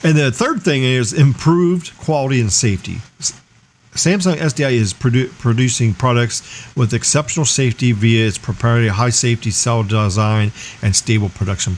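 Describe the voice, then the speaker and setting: A man's voice: medium pitch, animated, brisk, a little hiss or hum. A man hosting a casual tech livestream, explaining energetically and firing off rhetorical questions. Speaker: livestream host.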